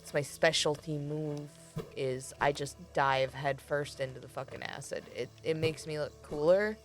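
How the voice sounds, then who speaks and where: A woman streaming a game, talking casually with sarcastic, self-mocking commentary and frequent swearing. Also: low-pitched.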